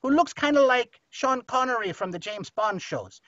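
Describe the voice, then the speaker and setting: A man's voice: very high-pitched, animated, normal speed, fairly bright tone, no echo. A man voicing a playful, mischievous young male sidekick character who co-hosts a podcast, teasing the guest and spinning silly stories. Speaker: co-host. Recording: dry, slightly muffled podcast audio.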